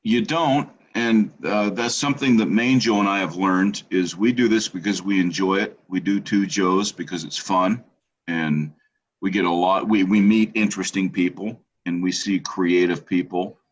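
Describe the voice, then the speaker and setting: A man co-hosts a podcast in relaxed, teasing chat. His voice sits low, and the recording sounds dull and lo-fi. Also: moderate pace, a little hiss or hum. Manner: chatty and teasing, upbeat. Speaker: podcast co-host. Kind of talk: casual chat.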